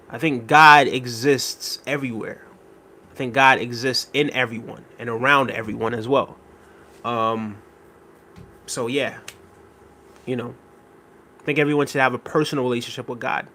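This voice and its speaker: A man's voice: mid-range voice, steady tone, normal speed, pauses often, bright, forceful tone, a little hiss or hum. A man hosting a casual live stream, reading viewer comments aloud and thanking them by name. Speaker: livestream host reading chat.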